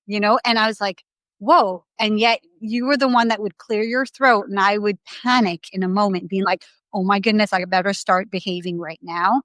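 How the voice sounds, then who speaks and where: A woman's voice: medium pitch, fairly even intonation, moderate pace, a bit bright, no room sound. A young adult woman as a podcast guest, telling her story candidly in a rambling, casual way with many restarts.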